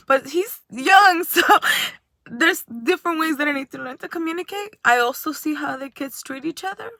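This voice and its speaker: High, bright-voiced woman rambling a story. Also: moderate pace, no echo. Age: adult. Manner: rambling and animated, often laughing. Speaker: spiritual vlogger. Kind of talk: casual storytelling monologue.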